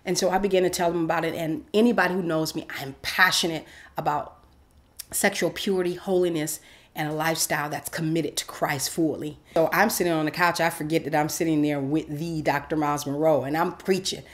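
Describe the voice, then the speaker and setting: A woman host telling a personal faith story in a casual, animated way with many fillers. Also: sits low, a little fast. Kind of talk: personal testimony.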